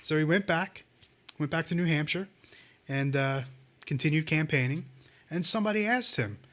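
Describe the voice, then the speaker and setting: A man's voice: fairly high pitch, moderate pace, fairly bright tone. A man co-hosting a casual talk show, ranting sarcastically and swearing often. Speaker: podcast co-host. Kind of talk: casual profane chat.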